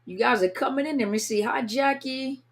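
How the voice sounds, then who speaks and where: A woman with a voice that sits high speaks at a moderate pace as she runs a relaxed livestream from her California home. She warmly chats and reads out each viewer's name in greeting, sounding slightly tired.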